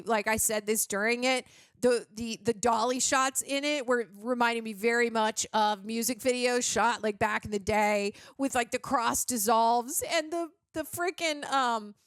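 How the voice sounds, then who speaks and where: A woman with a fairly high voice gives a rambling, animated movie reaction, full of asides and fillers. The sound is close and dry, with no room in it. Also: no room sound. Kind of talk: casual movie reaction commentary.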